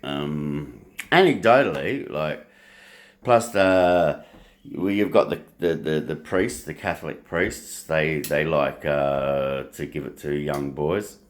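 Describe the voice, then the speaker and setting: A man's voice: very deep voice, slow. A man vlogging at home, rambling and crude, swearing freely between fillers. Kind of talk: casual rambling vlog monologue. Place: home, while making breakfast.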